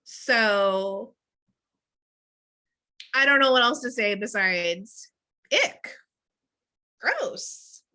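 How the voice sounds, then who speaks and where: A woman's voice: mid-range voice, drawn-out words, pauses often, bright, forceful tone. A woman co-hosting a casual podcast chat, playful and enthusiastic. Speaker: podcast co-host.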